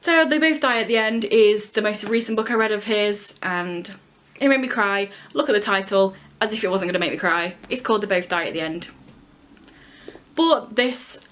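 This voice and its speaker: A woman's voice: mid-range voice, moderate pace, fairly bright tone. A young woman vlogging casually about books, chatty and emphatic, with the odd swear word. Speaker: book vlogger. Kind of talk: casual book review chat.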